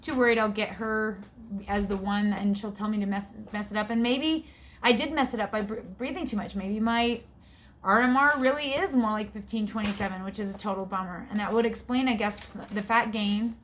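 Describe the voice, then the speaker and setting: A woman's voice: mid-range voice, brisk, a bit bright, slight background noise. A woman in her forties vlogging in a casual, frank, chatty way, her breathing often audible. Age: 40s. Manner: chatty, frank, gets exasperated. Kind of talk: casual chat.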